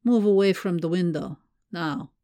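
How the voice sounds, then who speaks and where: A woman's voice: on the low side, lively intonation, measured pace, darkish tone, no echo, clean studio sound. Woman voicing a terse, commanding male agent. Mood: stern.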